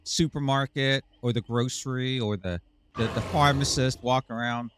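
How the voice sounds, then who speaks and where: A man's voice: medium pitch, moderate pace, background noise. A man hosting a live game stream, chatting casually and teasing his viewers in a playful way. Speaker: live-stream gamer host.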